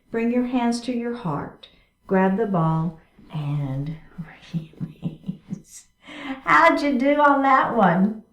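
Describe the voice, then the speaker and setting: Woman chair yoga instructor, slightly high voice, encouraging step-by-step cues, recorded at a distance in an echoey room. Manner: encouraging, cueing moves with repeated short prompts. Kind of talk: guiding an exercise class.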